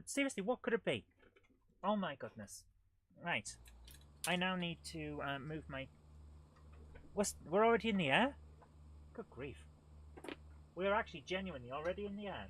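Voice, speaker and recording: A man's voice: on the high side, a bit bright, a little hiss or hum. A man hosting a live gameplay stream, talking in an exasperated, grumbling way as things go wrong.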